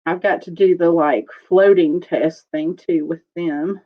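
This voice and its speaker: A woman hosting a casual live-streamed jewelry auction, chatting slowly as she describes pieces and calls out viewer bids. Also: fairly low pitch, fairly even intonation, phone-quality sound.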